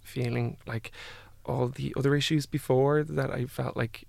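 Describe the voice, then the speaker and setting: A young man, a guest telling a personal story in a halting way full of "like" and "I was like". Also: mid-range voice, fairly even intonation, vocal fry, a little mellow, dry recording. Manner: halting, with many "like" and "I was like" quotes.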